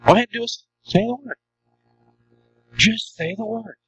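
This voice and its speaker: A man's voice: sits high, moderate pace, fairly bright tone, husky, highs cut off. A man preaching a sermon as a pastor, emphatic and full of rhetorical questions to the congregation.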